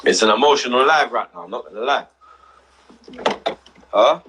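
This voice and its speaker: A man's voice: mid-range voice, animated, normal speed, noisy background. A young man, drunk and talking in a rambling, emotional way on a casual livestream. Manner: rambling, emotional, heavy street slang. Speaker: livestream host.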